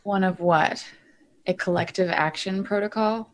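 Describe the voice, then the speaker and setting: A woman's voice: fairly low pitch, measured pace, low-quality recording. A woman playing a tabletop game, partly in character, with dry, playful asides. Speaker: player.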